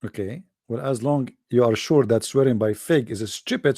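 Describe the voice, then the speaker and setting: A man hosting a debate show, talking off the cuff to his listeners with a gravelly, dark tone. He is emphatic and mocking and says things over again, in a dry, close sound. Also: mid-range voice, moderate pace, no room sound. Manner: emphatic, mocking, repeats himself. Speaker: host of an online debate show. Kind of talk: casual monologue to a live audience.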